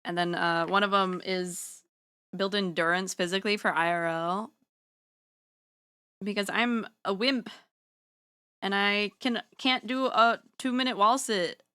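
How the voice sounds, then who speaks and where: A playful woman streamer from Washington State talks casually to her viewers while she draws. Her voice is bright and crisp, and she sometimes slips into a put-on Southern drawl. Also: medium pitch, steady tone, measured pace, pauses often. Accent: put-on Southern US drawl for part of the stream. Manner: chatty and playful, talks straight to viewers, laughs often. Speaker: livestreamer and artist.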